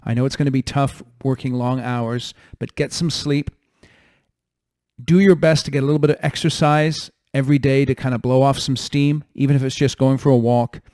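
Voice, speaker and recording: Male podcast host, mid-pitched, dry close mic, firm coaching delivery. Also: steady tone, normal speed, a little mellow, no echo. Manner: direct, coaching tone with numbered points. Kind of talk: solo advice talk.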